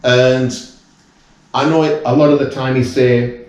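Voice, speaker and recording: A man's voice: mid-range voice, level tone, measured pace, a little mellow. A British man in his fifties, a guest in casual chat, talking earnestly and rambling with many restarts. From United Kingdom. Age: 50s. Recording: very echoey room, away from mic.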